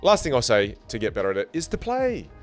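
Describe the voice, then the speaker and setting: Energetic male speaking coach, very animated delivery, faint music bed behind. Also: racing. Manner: energetic, emphatic, playful with big pitch jumps. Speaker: communication skills coach. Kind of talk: online lesson to camera. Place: studio.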